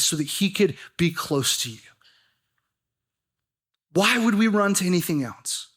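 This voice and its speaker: A man's voice: high voice, lively intonation, unhurried, pauses often, a bit bright, slightly rough. A young adult man preaching a sermon as a student pastor, telling a personal story and then building to earnest, urgent emphasis.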